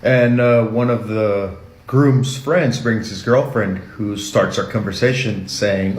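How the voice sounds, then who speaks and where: A man from Mexico telling an anecdote in a halting way, with many fillers. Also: fairly low pitch. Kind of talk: casual storytelling. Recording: roomy echo.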